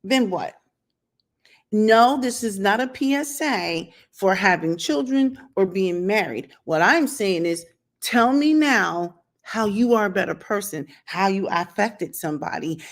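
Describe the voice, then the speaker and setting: An opinionated channel host delivers a casual vlog monologue to her camera outdoors in sunlight. Her pitch sits at an ordinary middle level for a woman, and she challenges the viewer with pointed rhetorical questions.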